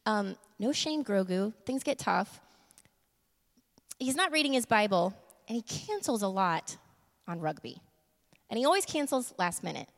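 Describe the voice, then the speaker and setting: A woman giving a casual sermon, laughing often and moving between quick asides and slow, emphatic lines. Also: medium pitch, very animated. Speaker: church speaker. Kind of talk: casual sermon with humor and props. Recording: long reverb of a large room.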